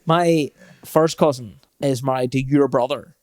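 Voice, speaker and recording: Male podcast co-host, mid pitch, dry close mic, chatty storyteller who laughs mid-sentence. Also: unhurried, a little mellow, no echo. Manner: storytelling, laughs often while talking. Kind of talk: casual chat.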